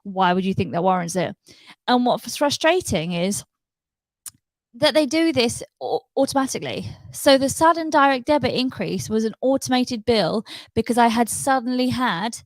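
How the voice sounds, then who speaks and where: A woman's voice: fairly high pitch, dry recording, poor audio. A woman ranting about her own troubles, upset and emphatic, repeating herself as she talks. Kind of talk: personal rant to camera.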